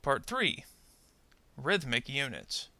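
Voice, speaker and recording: Slowly and clearly, a man teaches pronunciation in scripted narration, voice very bright and a bit gravelly, with big pitch swings as he stresses words. The recording is dry, and his model sentences are slow, deliberate, and over-articulated for learners to repeat.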